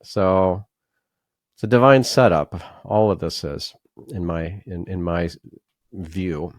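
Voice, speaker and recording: Man, podcast host, very low voice, slow, measured, hesitant. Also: no room sound, clean studio sound. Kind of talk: interview questions and chat.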